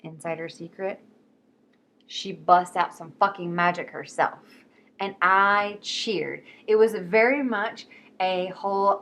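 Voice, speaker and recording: A woman talking casually and excitedly about books, quick and swearing freely. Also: medium pitch. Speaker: book vlogger. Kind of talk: casual chat.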